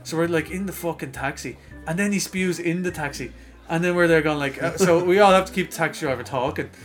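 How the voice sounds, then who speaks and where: A man's voice: a little high, fast talker, faint music behind. A man with a Dublin Irish accent telling a long pub story in casual podcast chat. He swears constantly and acts out other people's lines. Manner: animated, profane storyteller acting out voices.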